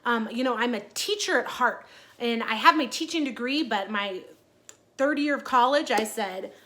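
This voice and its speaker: Woman in her 30s vlogging, chatty, lots of ums, bright sharp voice. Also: a little high, normal speed. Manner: chatty and earnest, many fillers. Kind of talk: casual personal vlog.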